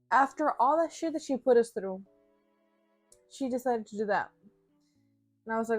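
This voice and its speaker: A woman's voice: fairly high pitch, lively intonation, normal speed, darkish tone, dry recording. A young woman tells a work story in a casual, blunt and profane way, with many fillers. The recording is dry and close. Faint music plays underneath. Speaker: vlogger.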